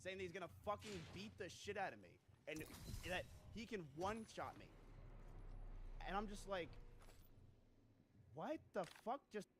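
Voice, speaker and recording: A man's voice: sits high, animated, normal speed, fairly bright tone, slight background noise. A man streaming a game, telling a story in a rambling, profane, incredulous way. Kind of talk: casual storytelling while gaming.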